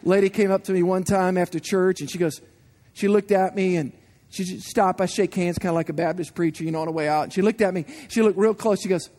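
A man in his forties preaching a sermon, telling animated personal stories and asking the congregation questions. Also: high voice, fast talker. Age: 40s. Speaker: guest preacher.

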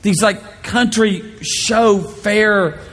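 A man preaching a sermon, telling playful stories and acting out shouted voices. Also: high voice, drawn-out words, in a large hall. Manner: animated, playful storytelling with shouted impressions. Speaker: pastor.

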